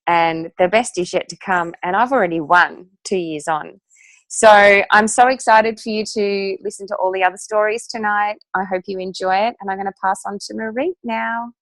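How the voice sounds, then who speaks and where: A woman's voice: medium pitch, steady tone, moderate pace, fairly bright tone, no echo. A woman, telling her personal story to an audience in a chatty, emphatic way. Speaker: guest speaker sharing a testimonial.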